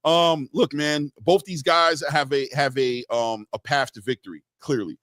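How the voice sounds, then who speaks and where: Man, boxing stream host, casual chat, shout-outs to viewers, dry close sound. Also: on the high side, unhurried, dry recording. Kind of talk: casual live-stream chat reading comments.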